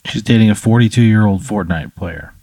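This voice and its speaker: A man in improvised comic banter, asking deadpan, incredulous questions. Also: lowish voice, normal speed, gravelly, no room sound.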